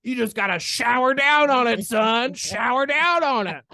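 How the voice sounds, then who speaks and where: A gruff, unbothered old Southern doctor, as a man puts him on, drawls out folksy commands in a pitched-up voice. The sound is dry and close, with no room around it. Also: lively intonation, normal speed, pushed and bright, dry recording, exaggerated voice. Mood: urging. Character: older heavyset male mentor chiropractor, gruff and unbothered.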